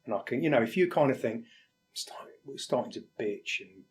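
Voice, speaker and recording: A man from England, a firefighter, speaking candidly and haltingly in an interview, sometimes acting out quoted exchanges. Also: mid-range voice, expressive. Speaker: firefighter guest. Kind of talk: reflective interview talk.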